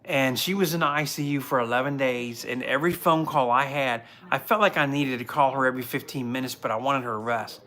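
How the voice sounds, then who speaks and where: A man in his forties, a police officer, hosts a casual livestream from home, telling earnest, rambling stories full of restarts. His mid-range voice moves a little fast with few pauses, and his tone is bright and forceful.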